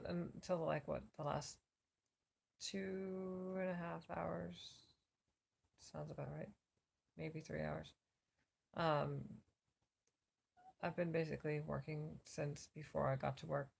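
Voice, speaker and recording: An exhausted woman vlogging from her cot on a phone camera, her worn-out voice a little slurred as she rambles with many pauses. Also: sits low, steady tone, gravelly, a little mellow, breathy edge. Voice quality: slightly slurred. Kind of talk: casual check-in vlog. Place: lying on a cot at home.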